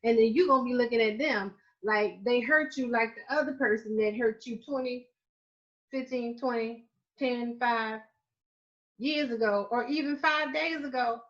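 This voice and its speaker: A middle-aged woman from Florida with a Southern US accent, giving an earnest, repetitive masterclass talk as a life coach, slowing down to stress key phrases. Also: a little high, fairly bright tone. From Florida, United States. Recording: slightly muffled, dull audio.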